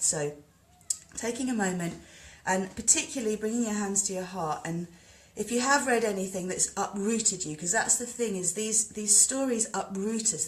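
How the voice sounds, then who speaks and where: A woman, a spiritual teacher, talking in a rambling, animated way on a live stream and leading a guided meditation. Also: medium pitch. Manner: animated, rambling, greets viewers. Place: indoors by the sea.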